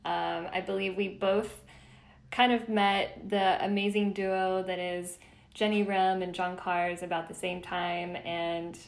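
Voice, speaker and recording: A woman's voice: fairly low pitch, flat delivery, takes it slowly, creaky, roomy sound. A woman hosting an interview podcast over a video call, effusive and gushing, laughing often. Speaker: podcast host and producer. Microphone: video call mic.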